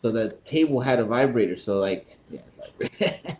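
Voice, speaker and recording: Man, podcast co-host, casual storytelling, lots of swearing, lively pitch, mid voice, quotes others in a higher voice. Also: normal speed, slight background noise, rough recording. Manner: animated, acts out others in raised pitch.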